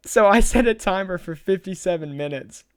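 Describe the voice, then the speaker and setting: Young male podcast co-host, mid-pitched, smooth dry voice, chatty and giggly. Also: expressive, normal speed, no echo. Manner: rambling, laughs through his story. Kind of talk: casual podcast chat.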